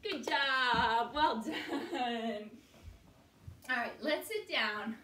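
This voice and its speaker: A woman's voice: on the high side, very slow, bright, forceful tone, a little hiss or hum. A young woman leading a children's yoga story time, cheerful and encouraging, singing short chants. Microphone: online video from a camera at a distance. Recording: echoey room, voice from far off.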